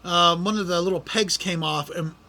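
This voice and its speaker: A man's voice: high-pitched, moderate pace, pushed and bright. A middle-aged man hosting a podcast, complaining in an exasperated, ranting way. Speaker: podcast host. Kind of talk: casual podcast monologue.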